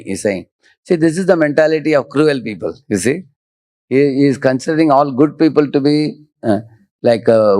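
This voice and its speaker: A man's voice: medium pitch, moderate pace, a little mellow, no echo. Man lecturing on scripture, dry sound. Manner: explains verse by verse, often repeating "he's saying". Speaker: devotional lecturer. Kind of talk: scripture lecture with Sanskrit verse recitation.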